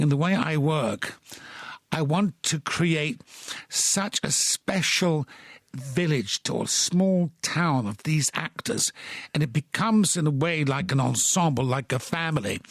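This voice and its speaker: A man with a Cockney accent, a guest on a radio show, telling animated stories and acting out the voices of people he quotes. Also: fairly high pitch, no echo. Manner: animated storyteller who acts out quoted voices. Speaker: guest, actor and stage director. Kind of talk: anecdotal interview chat. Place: radio studio.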